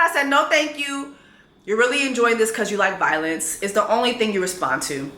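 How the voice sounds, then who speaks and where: A woman's voice: a little high, brisk, pushed and bright, echoey room. A woman, telling a dating story in a vlog in a blunt, sassy way and reading texts aloud.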